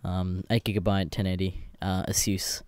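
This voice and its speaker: A man's voice: sits low, level tone, moderate pace, darkish tone, clean tone, no room sound, studio quality. A young Australian man hosting a podcast alone, chatting in a rambling, sweary way and laughing often. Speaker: podcast host. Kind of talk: casual solo chat.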